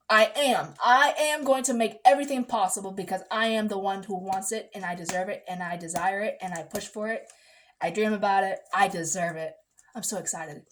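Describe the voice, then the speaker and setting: A young woman who works as a massage therapist, talking in a casual rambling vlog, chatty and animated, acting out quotes and sometimes dropping to a low mutter.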